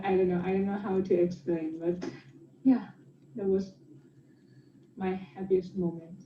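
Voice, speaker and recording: A young woman from Thailand with a Thai accent, a former exchange student giving a slow, careful, cheerful personal talk in English, her second language. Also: on the low side. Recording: roomy, muffled with faint noise.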